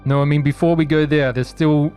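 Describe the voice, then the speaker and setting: A man's voice: fairly high pitch, steady tone, fairly quick, a little mellow, faint music behind. Casual male game master narrating. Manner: casual, descriptive narration with in-character asides.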